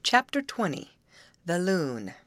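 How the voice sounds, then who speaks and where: A woman narrating an audiobook in an even, measured reading. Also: fairly low pitch, dry recording. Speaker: audiobook reader.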